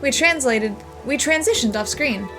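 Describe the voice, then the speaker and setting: A woman hosts a let's play video, chatting casually, laughing often, and reading the game's dialogue and text aloud as she plays. Her high-pitched voice is pushed and bright, with lively intonation at normal speed. The audio is poor, with background music running under her voice.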